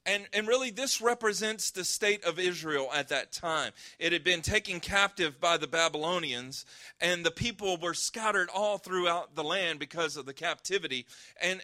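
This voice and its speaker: A man preaching a sermon, reading scripture slowly and earnestly, then praying and explaining in a conversational way with some fillers and restarts. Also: high-pitched, pushed and bright. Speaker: pastor.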